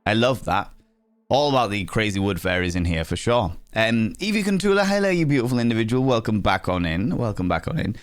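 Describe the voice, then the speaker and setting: Talking a little fast and expressively, a young man teases his viewers in a playful live-stream chat, swinging his pitch theatrically. He sounds slightly under the weather, with sore sinuses.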